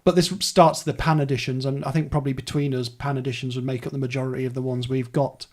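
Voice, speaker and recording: A man's voice: mid-range voice, flat delivery, fast, a little mellow. A man hosting a casual podcast chat, rambling through details in a chatty way. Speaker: podcast host. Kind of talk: casual book-club chat.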